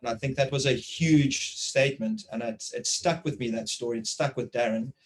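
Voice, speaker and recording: Animated South African man telling stories. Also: medium pitch, normal speed, rough recording. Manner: animated storytelling, repeats words. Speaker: interviewer. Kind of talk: conversational interview. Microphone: video call.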